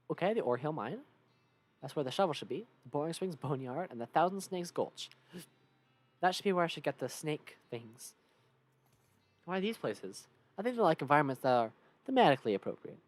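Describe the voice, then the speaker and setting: A woman's voice: deep voice, expressive, fairly quick. A woman streamer casually commenting on a game and reading its text aloud, playful and chatty.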